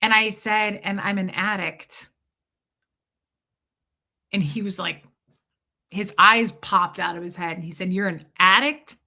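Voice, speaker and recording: A woman's voice: medium pitch, steady tone, a little slow, pauses often, sharp tone. A woman vlogger casually retelling a personal conversation to her viewers, candid and rambling.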